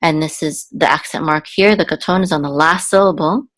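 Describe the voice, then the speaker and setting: A woman teaching Biblical Hebrew reading, explaining slowly with fillers and self-corrections, then chanting the marks in a higher sung voice. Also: a bit bright, poor audio.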